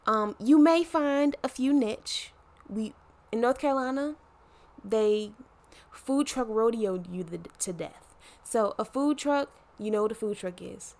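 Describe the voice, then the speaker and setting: A woman in her twenties from Baltimore, with a Baltimore accent and a slight Southern twang, talking to camera in a chatty, slangy, playful way. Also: fairly high pitch. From Baltimore, Maryland. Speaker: vlogger. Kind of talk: casual chat to camera.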